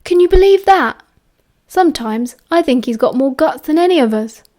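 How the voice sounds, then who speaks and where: Woman voicing a teenage schoolboy wizard, British accent, cheerful, teasing, breezy, slightly high. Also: expressive, a little fast, warm tone. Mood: cheery teasing.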